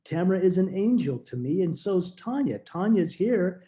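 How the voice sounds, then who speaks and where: A middle-aged man telling a deeply personal story as a podcast guest, earnest and halting, often restarting his words. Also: big pitch swings, mellow.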